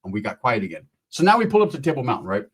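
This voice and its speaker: A man telling a profane comic story in an animated way, acting out his characters. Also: mid-range voice, racing, husky. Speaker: comedian.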